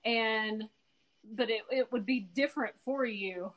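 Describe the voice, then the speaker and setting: A woman's voice: fairly high pitch, a little slow, a bit bright, poor audio. A woman who coaches, talking in a chatty way during a casual interview and often filling in for her partner. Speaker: guest, coach.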